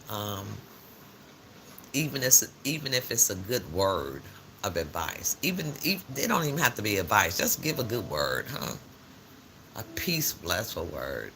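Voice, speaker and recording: Animated, gravelly older man chatting live. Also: lowish voice, unhurried, a little hiss or hum. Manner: chatty, animated storytelling with frequent laughs and slang. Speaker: live-stream host. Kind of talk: casual morning live-stream chat.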